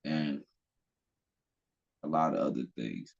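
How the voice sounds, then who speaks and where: A man with a very deep, husky voice talks bluntly and profanely in a loose podcast rant. He rambles and restarts his thoughts as he goes. The audio sounds dull and lo-fi. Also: lively intonation, slow pace, a little mellow. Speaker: podcast host. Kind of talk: casual opinion talk.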